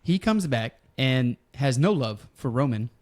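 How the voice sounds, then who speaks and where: A man's voice: medium pitch, lively intonation, unhurried, darkish tone. A man hosting a podcast, chatting casually about wrestling and telling a long story with fillers. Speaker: podcast host.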